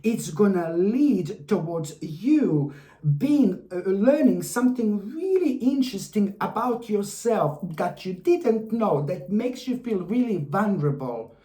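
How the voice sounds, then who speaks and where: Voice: mid-range voice, sing-song, unhurried, mellow. Effusive tarot reader in a roomy space. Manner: effusive, repetitive, addresses the viewer fondly. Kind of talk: weekly horoscope tarot reading to camera. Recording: roomy echo.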